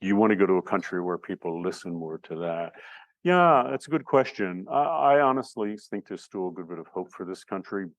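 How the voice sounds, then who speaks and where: Deep-voiced man lecturing, loose and conversational. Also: lively intonation, brisk, no echo, dull audio. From United States. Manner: conversational, thinking aloud with fillers and restarts. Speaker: instructor. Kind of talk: recorded lecture.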